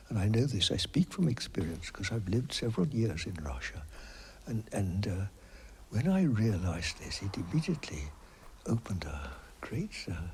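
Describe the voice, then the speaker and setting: A man speaking in a reflective interview, slow and hesitant with many pauses, his phrases trailing off into a breathy near-whisper. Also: lowish voice, darkish tone, slight background noise. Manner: thoughtful, with many pauses and fillers.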